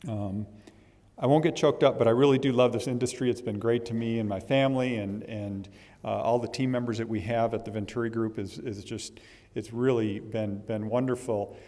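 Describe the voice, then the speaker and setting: A man giving a candidate speech as the incoming association president, halting and emotional, often repeating words. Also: mid-range voice, fairly even intonation, dark tone. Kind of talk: candidate speech at a meet and greet. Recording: reverberant hall.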